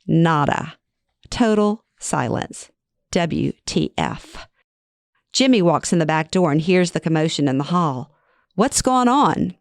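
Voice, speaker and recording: A middle-aged woman narrates her own memoir in a wry, self-deprecating, conversational tone. Her voice sits a little low. The recording is dry and close with no room sound. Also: no echo. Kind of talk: first-person story narration.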